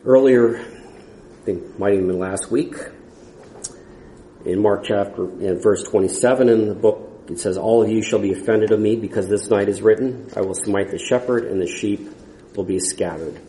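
A man preaching an expository sermon, earnest and halting, often restarting his phrases as he reads and explains scripture. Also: fairly low pitch, mellow, reverberant, a little hiss or hum, poor audio.

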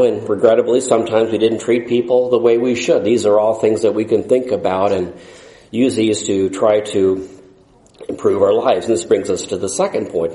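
A man's voice: fairly low pitch, mellow, echoey room, rough recording. A man preaching a sermon in a folksy, rambling way, with jokes along the way.

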